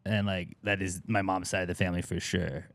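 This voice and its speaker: Podcast co-host, young male, low pitch, very dry close sound, animated and profane. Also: a little fast, creaky, dry recording. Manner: animated, swearing, mock-shouting quotes. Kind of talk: casual chat.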